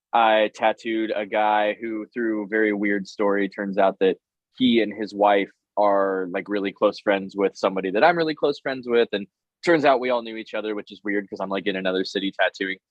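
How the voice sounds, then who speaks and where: A low-pitched man tells an animated, self-deprecating story in casual conversation. His voice comes across dull and dry, as if recorded close in a small space. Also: dry recording. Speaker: tattoo artist guest.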